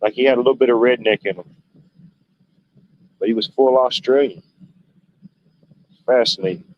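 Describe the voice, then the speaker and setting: A man's voice: medium pitch, moderate pace. A man hosting a livestream, rambling through stories in a laid-back, casual way with loose, drawling turns of phrase. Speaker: livestream host. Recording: dull lo-fi stream audio, faint noise.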